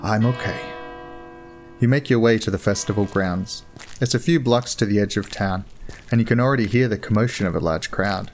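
A man calmly narrating a second-person story. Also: on the low side, brisk, faint music behind.

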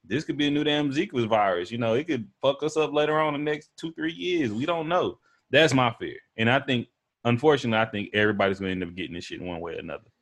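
A man's voice: medium pitch, fast talker, a bit bright. A man with a Texan accent hosting a podcast, talking in a loose, profane, joking way. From Texas. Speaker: podcast host. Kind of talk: casual podcast chat.

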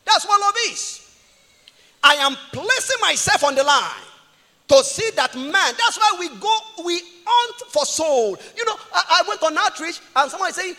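A man preaching a sermon as a pastor, impassioned, swinging between shouts and quiet asides. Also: extremely high pitch, animated, moderate pace, big-room sound. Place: church.

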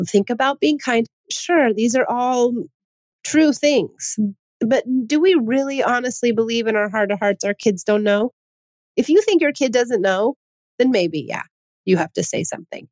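A woman's voice: mid-range voice, darkish tone, no room sound. A woman hosting a parenting talk, earnest and full of rhetorical questions, often restarting her sentences. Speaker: parenting podcast host. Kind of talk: casual advice talk.

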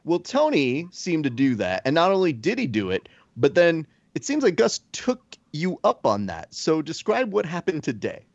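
A podcast host whose voice swings widely in pitch as he jokes and needles his guest. He swears freely and teases. The sound is dry and a little dull, with no room around it. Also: moderate pace, vocal fry, hardly any pauses, no room sound. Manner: animated, joking, profane. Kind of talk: casual podcast chat.

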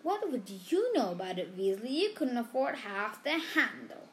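A woman voicing a spiteful, jealous schoolboy bully in a storybook reading, sneering and loud. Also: very high voice, huge pitch swings, a little slow, a little hiss or hum, full character voice.

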